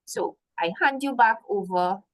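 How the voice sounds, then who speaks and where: This webinar features a woman guest host whose unhurried, mid-range voice has a fairly bright tone. She runs a business workshop on a video call, offering encouragement, listing her points one by one, and saying "so" a lot.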